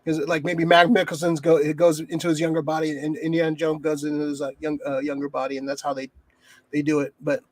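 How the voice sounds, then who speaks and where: A man's voice: on the high side, level tone, quick pace, darkish tone. A man co-hosting a casual podcast, rambling and swearing a lot, restarting his sentences often. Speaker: podcast co-host. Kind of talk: casual chat.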